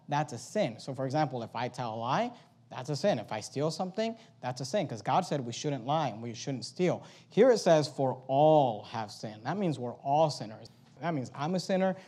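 A man teaching a method for sharing the gospel. He works through numbered steps, acts out sample conversations, and reads verses slowly to stress each word. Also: a little high, darkish tone. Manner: walks through steps and role-plays dialogue; slow emphatic verse reading. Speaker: evangelism trainer.

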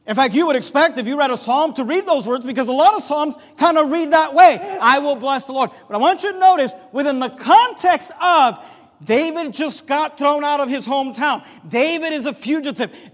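A man preaching a sermon as pastor, emphatic, swinging from quiet to loud. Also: extremely high pitch. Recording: long hall reverb.

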